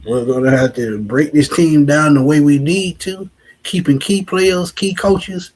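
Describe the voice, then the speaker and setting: Husky-voiced man in his forties talking sports. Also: on the high side, a little slow, a little mellow, low-quality recording. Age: 40s. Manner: reflective, repeats "like I said". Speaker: sports show co-host. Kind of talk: casual sports talk.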